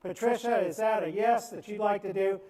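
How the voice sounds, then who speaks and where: A man working as a charity auctioneer, calling bids in a fast rhythmic chant and coaxing bidders along. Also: high-pitched, heavy background noise. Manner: rapid rhythmic bid chant, cajoling bidders. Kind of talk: live auction bid calling. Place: event venue on the Gulf coast. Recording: echoey room, voice from off-mic.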